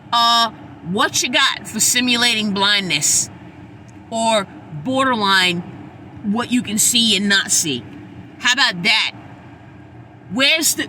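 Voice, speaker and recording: A woman's voice: a little high, sharp tone, slight background noise. A woman hosting her own podcast, talking in a blunt, sassy, preachy monologue and swearing freely. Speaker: podcast host. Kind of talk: casual monologue.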